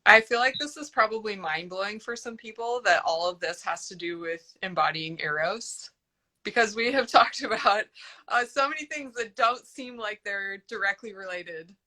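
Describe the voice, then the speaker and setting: A woman's voice: mid-range voice, normal speed, sharp tone. A woman hosting a conversational interview, affirming and reflecting back her guest's points. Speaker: host.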